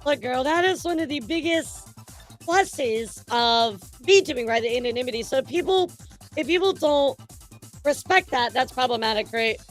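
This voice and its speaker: A chatty woman reacting to clips for her viewers, her voice sitting high. Faint music plays softly beneath her. She speaks loosely and casually. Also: animated, moderate pace. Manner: chatty, addresses chat directly. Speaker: commentary streamer.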